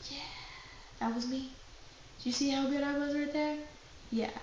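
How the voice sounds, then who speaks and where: A woman's voice: sits high, steady tone, normal speed, a little mellow, muffled recording, pitched above the performer's own voice, lightly acted. Smug proud mom bragging about her prank, young woman doing her, echoey room. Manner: smug, self-satisfied. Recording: very echoey room with faint background noise.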